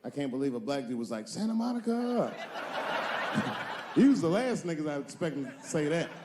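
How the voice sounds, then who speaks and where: A man's voice: a little high, sing-song, normal speed, very noisy. Profane, punchy male stand-up comedian. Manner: profane, conversational storytelling with punchy emphasis.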